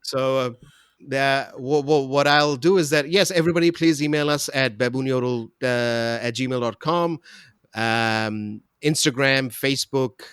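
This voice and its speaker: A man's voice: medium pitch, a little slow, fairly bright tone, clear, resonant tone, no room sound, studio quality. A man hosting a casual podcast chat, rambling with laughs and stammered restarts. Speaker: podcast host.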